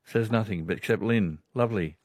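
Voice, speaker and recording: A man's voice: fairly low pitch, brisk, no room sound. Older Aussie radio host, folksy and chatty, laughs through his stories, dry close-miked studio sound. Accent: Australian. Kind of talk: casual talkback radio chat.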